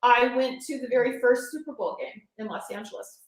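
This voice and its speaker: A woman's voice: fairly high pitch, brisk, roomy sound, rough recording. A woman in her sixties, a guest coach, chatting in an interview with energy and emphasis, laughing easily. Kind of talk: casual interview chat.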